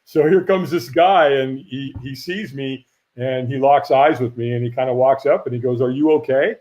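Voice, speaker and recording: Middle-aged man telling a lively story. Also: medium pitch, normal speed. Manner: lively storyteller acting out quoted voices. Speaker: firewalk instructor and guest. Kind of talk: casual storytelling interview. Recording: dull lo-fi audio.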